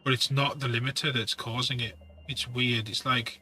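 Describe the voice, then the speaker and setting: Bright-voiced man giving hobby tips. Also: medium pitch, steady tone, moderate pace, slight background noise. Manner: rambling, practical, self-correcting asides. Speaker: miniature painting hobbyist. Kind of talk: casual hobby tutorial talk.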